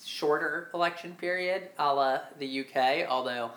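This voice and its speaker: A man's voice: fairly high pitch, a bit bright. Man, podcast co-host, exasperated ranter, slightly echoey room. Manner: ranting, exasperated, fast-talking. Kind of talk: casual podcast chat.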